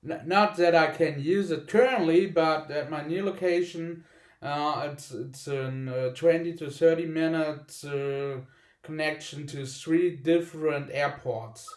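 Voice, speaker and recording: A man's voice: a little high, steady tone, unhurried. A man chatting on a video call, often repeating words and restarting sentences. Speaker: call participant. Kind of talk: casual video call chat. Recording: roomy video call audio.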